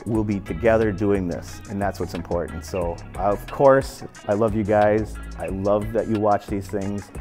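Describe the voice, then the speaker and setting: Faint music plays as a pool instructor in his fifties talks in a low, darkish voice, unhurried and fairly even, with few pauses. At the billiard club he gives a relaxed, earnest lesson, echoing phrases as he demonstrates his stroke.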